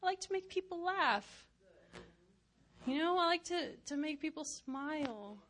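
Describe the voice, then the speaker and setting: A woman preacher chatting casually in a goofy, giggly way, laughing often and sometimes dropping to a hushed aside. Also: sits high, lively intonation, unhurried, a little hiss or hum. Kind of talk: casual personal chat.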